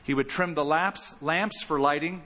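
A man preaching an expository sermon as pastor, animated, with big swings in pitch and loudness. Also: normal speed, big-room sound.

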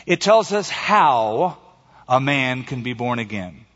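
A man's voice: mid-range voice, very animated, a bit bright. Preaching man in a reverberant hall. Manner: emphatic preaching, slowing down to stress key phrases. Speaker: pastor. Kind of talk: sermon. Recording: muffled recording in a reverberant hall.

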